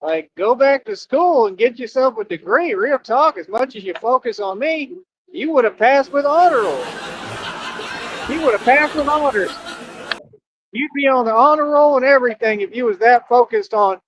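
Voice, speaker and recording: A man's voice: very high-pitched, expressive, normal speed, a little hiss or hum, rough recording. A man hosting a casual livestream, laid-back and teasing, repeating his phrases and laughing often. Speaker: livestream host.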